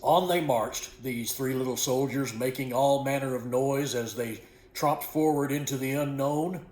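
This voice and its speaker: A man reading aloud from a book he wrote, in an unhurried, folksy way, correcting small slips as he goes. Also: medium pitch, darkish tone. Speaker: author reading his own book. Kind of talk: storybook narration. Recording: echoey room.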